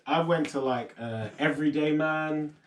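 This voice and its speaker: A man co-hosting a podcast, playful and teasing with quick reactions. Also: a little high. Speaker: podcast co-host. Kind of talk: casual chat. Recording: echoey room, far from mic, faint noise.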